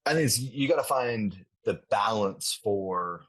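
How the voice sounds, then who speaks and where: A man's voice: fairly low pitch, measured pace, husky. A man, a former athlete casually telling a story in an interview, rambling and swearing freely. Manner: rambling, relaxed, casual swearing, many restarts. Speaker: interview guest, retired athlete.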